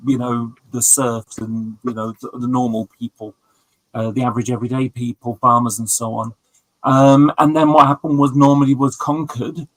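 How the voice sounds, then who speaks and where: On a livestream with friends, a man rambles through long stories packed with fillers and asides in casual chat. His voice is mid-range, with no room sound and poor audio quality.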